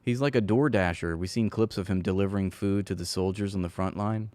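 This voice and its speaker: A man hosting his own commentary show, speaking in a sarcastic, mocking tone. His voice sits on the low side and sounds dry and close, with no room around it. He laughs now and then at his own jokes. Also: brisk, a little mellow, dry recording. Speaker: political commentary host. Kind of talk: casual commentary.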